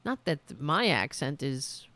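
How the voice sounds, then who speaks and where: A blunt, sarcastic woman with a New York accent hosts a commentary podcast. She talks at an unhurried pace, her pitch swooping widely between high and low, and her voice sounds close and dry with no room echo. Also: sing-song, fairly bright tone. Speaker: podcast host. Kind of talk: opinionated commentary on clips.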